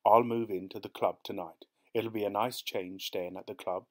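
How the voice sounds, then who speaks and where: A smug, teasing old husband, as a male narrator puts him on speaks in a low, curt voice. He brushes things off coldly. It is a storybook reading. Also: steady tone, moderate pace, lightly acted. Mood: curt, dismissive. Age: older. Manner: curt, dismissive.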